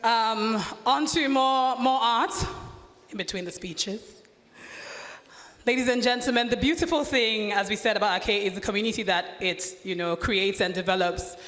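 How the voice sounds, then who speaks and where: A woman's voice: a little high, normal speed. A Nigerian woman presenting at an event on stage, chatty and informal, introducing the next speaker. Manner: chatty, informal, with warm asides. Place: large indoor event hall. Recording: echoey festival hall.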